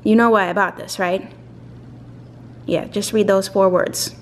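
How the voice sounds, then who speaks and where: A woman's voice: medium pitch, steady tone, measured pace. A woman, chatting casually and rambling through a grocery haul at home, a little out of breath, with many fillers and asides. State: slightly out of breath. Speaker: vlogger showing a grocery haul.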